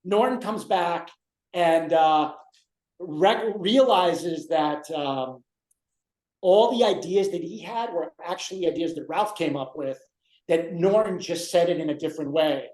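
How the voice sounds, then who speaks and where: A man's voice: on the high side, unhurried, a little mellow. A man in a casual chat, rambling through episode plots with lots of "you know"s. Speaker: guest co-host. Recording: roomy echo.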